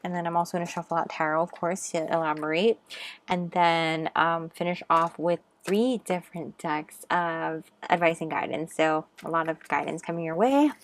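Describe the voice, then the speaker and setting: Soft-spoken woman reading tarot, low-pitched. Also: normal speed. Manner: gentle, affirming, with frequent ums. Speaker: tarot reader. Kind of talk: pick-a-card tarot reading.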